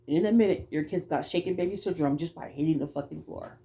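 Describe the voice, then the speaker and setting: Brief: woman childcare provider, low-ish mellow voice, blunt and profane, rushes her words. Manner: blunt, swears, stumbles over words; talks fast at times. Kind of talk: casual storytelling.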